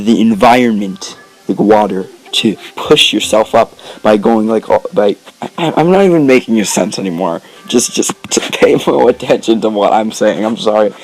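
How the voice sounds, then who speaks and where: A man's voice: fairly low pitch, darkish tone, rough recording. A man giving casual, rambling gameplay commentary, joking and interrupting himself with lots of filler words. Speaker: let's play commentator. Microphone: desk mic, recorded after gameplay.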